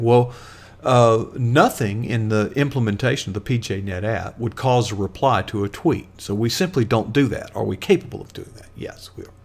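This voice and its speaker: A man's voice: medium pitch, vocal fry. A man hosting a live stream, talking casually in a chatty, rambling way with lots of fillers and asides.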